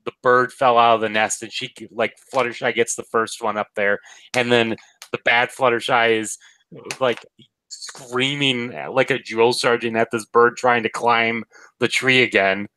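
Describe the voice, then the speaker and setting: A man's voice: medium pitch, level tone, measured pace, sharp tone, clean tone, low-quality recording. A man in a casual review discussion, rambling and hesitant. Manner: rambling, hesitant, many restarts.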